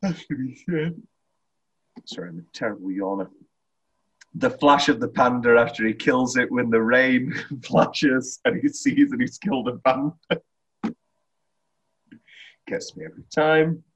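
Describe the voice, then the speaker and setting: A man's voice: medium pitch, a little slow, long pauses, a bit bright, slightly rough, lo-fi sound. A man co-hosting a casual film podcast, laughing often and acting out lines from the movie. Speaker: podcast co-host.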